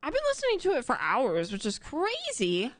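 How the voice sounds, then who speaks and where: Animated woman chatting, very lively pitch. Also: normal speed, dry recording. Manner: animated and self-described dramatic. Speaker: live streamer. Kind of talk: casual chat to a live audience.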